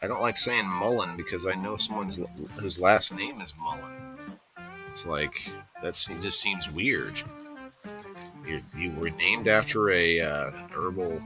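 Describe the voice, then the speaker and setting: A man's voice: low voice, unhurried, music in the background. A man hosting a casual livestream, rambling in an easygoing way and greeting viewers by name. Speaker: livestream host.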